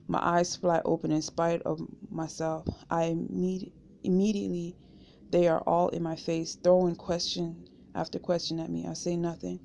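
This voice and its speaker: Low gravelly woman reading a memoir. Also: a little hiss or hum. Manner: steady, unhurried first-person reading. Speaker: audiobook reader.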